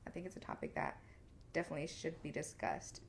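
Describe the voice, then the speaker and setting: A woman's voice: deep voice, sing-song, fast, gravelly, slight background noise. A young woman co-hosting a podcast, talking in a candid, casual way, swearing freely and acting out her own inner voice. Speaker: podcast co-host. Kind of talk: casual chat.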